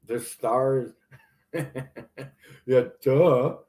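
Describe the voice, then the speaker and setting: Speaking very slowly in a warm, mid-range voice, this man hosts a livestream. He answers viewer comments with a sarcastic, exasperated rant.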